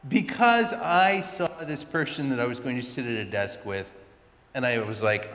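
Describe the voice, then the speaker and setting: A man, a pastor, telling a personal story in a sermon with chatty, animated asides. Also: medium pitch, normal speed. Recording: echoey hall with long reverb.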